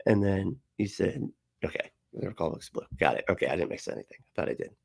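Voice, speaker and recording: A man's voice: low-pitched, very animated, fast, vocal fry, husky, dry recording, clean studio sound. Laughing, swearing man reading chat. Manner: laughing often, swearing, rambling and puzzled. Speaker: streamer host reading live chat. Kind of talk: casual live-stream chat.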